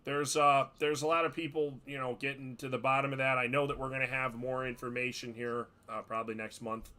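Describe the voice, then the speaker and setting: A man with a bright, forceful, somewhat tense voice talks on a podcast. He is a hockey referee, and he tells his stories emphatically, pressing hard on the key points. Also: mid-range voice, level tone, a little fast. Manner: storytelling, emphatic. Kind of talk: podcast chat.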